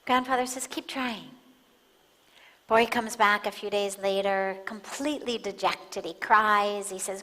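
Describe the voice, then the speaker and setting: A woman giving a spiritual talk, calm and measured, pausing for emphasis as she tells a story. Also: mid-range voice. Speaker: spiritual teacher. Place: large satsang hall. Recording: long hall reverb.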